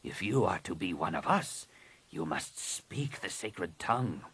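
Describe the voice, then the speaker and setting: Audiobook: man doing a scheming alien priestess, husky, hushed, commanding. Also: low voice, very animated, heavily acted. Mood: menacing, hushed. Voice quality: hushed, partly whispered. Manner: measured and commanding. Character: cold scheming alien woman master shaper. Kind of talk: audiobook reading.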